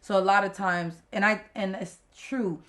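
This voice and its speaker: A middle-aged woman co-hosts a casual podcast chat. Her voice sits at an ordinary middle pitch, and she talks bluntly and emphatically, laughing often. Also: steady tone, normal speed, a bit bright. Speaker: podcast co-host.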